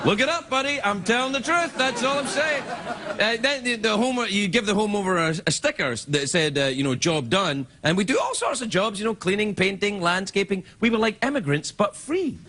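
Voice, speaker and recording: A man's voice: high-pitched, expressive, normal speed, background noise. A man with a Scottish accent hosting a late-night comedy show, with playful, mock-indignant banter and frequent laughter.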